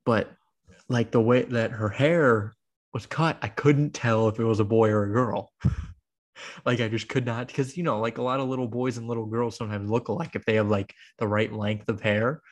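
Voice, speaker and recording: A male podcast host talks in a loose, casual way, trailing off and restarting as he tells a story. His voice sits at an average pitch for a man. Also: steady tone, moderate pace. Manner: rambling storytelling full of "like" and acted quotes. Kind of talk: casual chat.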